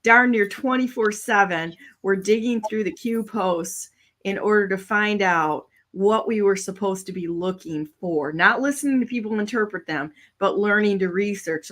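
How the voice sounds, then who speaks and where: A woman hosting a talk show, telling a story in a lively, casual way, laughing often and acting out what other people said. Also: medium pitch. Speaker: show host.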